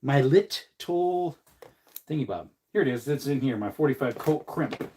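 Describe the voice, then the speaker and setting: A man's voice: mid-range voice, animated, moderate pace, dark tone, slight background noise. Joking man chatting on a livestream. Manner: joking, chatty, answers viewer comments while working. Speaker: livestream host. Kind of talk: casual live stream chat.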